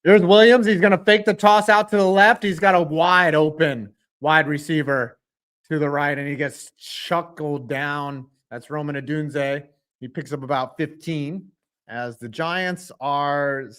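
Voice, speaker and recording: A man streams live reaction to a football game, calling each play as it unfolds in a voice sitting a touch high for a man. He jokes with his chat between snaps and erupts in profanity when a flag goes against his team. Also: measured pace, clear, resonant tone. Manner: excitable play-by-play, cursing at calls, joking with chat.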